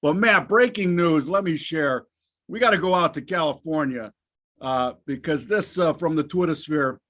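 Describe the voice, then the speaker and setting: Bright, jokey man. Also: on the high side, normal speed. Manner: jokey, profane banter. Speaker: host. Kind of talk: casual market chat.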